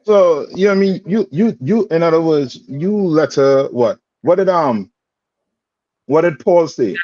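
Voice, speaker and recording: A man's voice: fairly high pitch, expressive, a little slow, darkish tone, no room sound. A man teaching a scripture class in plain street talk, quizzing his student with repeated "you understand?" checks. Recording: dull lo-fi sound.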